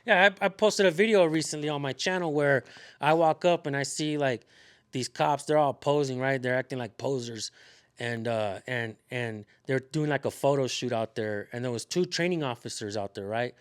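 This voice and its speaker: A man's voice: medium pitch, normal speed, smooth. A man hosting a casual talk, rambling with many fillers and restarts. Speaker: channel host, activist. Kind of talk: casual conversation.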